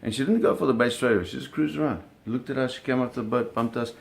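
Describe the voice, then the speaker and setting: A middle-aged man casually telling a story, animated, with sound effects and acted quotes. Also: mid-range voice, fast, gravelly. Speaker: storyteller recounting a fishing trip.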